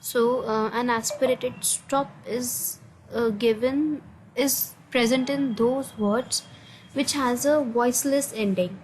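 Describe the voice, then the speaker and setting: A woman with an Indian English accent and a somewhat high voice explains test answers step by step. She hesitates often and fills the gaps with "uh". A faint hiss sits under the recording. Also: steady tone, slow pace, a little mellow, rough recording. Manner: hesitant, many uh fillers, non-native grammar. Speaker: student explaining assignment answers. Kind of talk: screen-recorded answer walkthrough.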